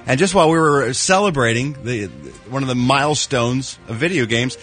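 A man, a regular on a morning radio show, telling entertainment news in a lively, animated way with bursts of mock outrage. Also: medium pitch, moderate pace, soft background music. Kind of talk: casual radio banter and news segment. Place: broadcasting remotely by phone or line.

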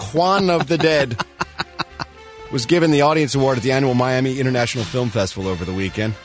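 A man's voice: medium pitch, a little fast, soft background music. A man hosting a radio show, joking through entertainment news with playful showbiz patter while losing his voice.

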